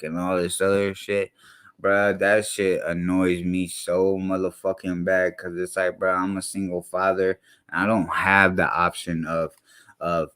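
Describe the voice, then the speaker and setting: Heated low-voiced man ranting. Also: flat delivery, a little slow, a bit bright. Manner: heated, blunt, heavy slang. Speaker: commentary streamer. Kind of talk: profane reaction rant.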